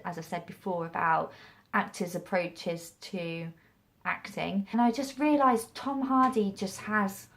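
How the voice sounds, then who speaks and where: A young English woman with a mixed regional accent, chatting casually to camera about acting, rambling with restarts. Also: mid-range voice. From England. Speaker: acting vlogger.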